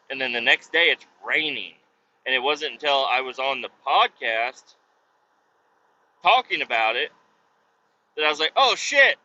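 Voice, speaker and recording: A man's voice: mid-range voice, sharp tone. Profane rambling man venting in a car. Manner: profane, rambling, exasperated storytelling. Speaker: podcast host. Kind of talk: casual rant while driving. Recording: dull lo-fi with faint road noise.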